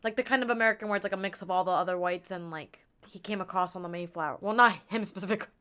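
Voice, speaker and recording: A woman's voice: fairly low pitch, racing, a bit bright, smooth. A young woman chatting casually on a live stream into an earbud mic, rambling and giggling in a playful way.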